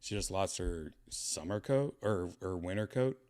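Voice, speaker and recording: A man's voice: low voice, animated, measured pace, darkish tone. A man hosting a casual home vlog, rambling in a laid-back way while showing his cats in a room at home. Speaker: host showing his pets.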